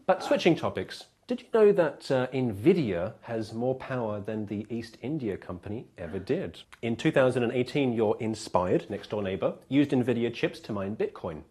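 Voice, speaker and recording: A man's voice: mid-range voice, lively intonation, moderate pace, few pauses, mellow. A man hosting a comedy club, delivering a stand-up monologue and laughing at his own jokes.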